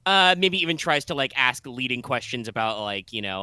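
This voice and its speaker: A man's voice: medium pitch, expressive, moderate pace, sharp tone, clean tone, dry recording. A man narrating a tabletop game as game master, rambling with many fillers and restarts.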